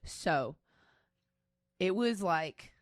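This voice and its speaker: A woman in her twenties co-hosts a casual podcast and tells a personal story candidly, rambling and restarting as she goes. Her voice sits a little low. The sound is dry and close. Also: expressive, very slow, dry recording. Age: 20s. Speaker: podcast co-host.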